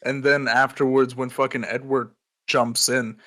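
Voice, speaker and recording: A man with a bright, forceful voice at a middling pitch co-hosts a loose podcast. He talks crudely, swears freely and keeps the banter jokey. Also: little pitch movement, measured pace. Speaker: podcast co-host. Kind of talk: casual chat.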